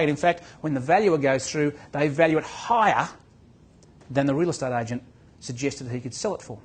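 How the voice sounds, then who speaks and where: A man's voice: on the high side, fairly quick, slightly rough. A man giving a motivational talk to real estate agents as a business coach, telling a story and acting out its dialogue. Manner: storytelling, acts out dialogue, repeats words.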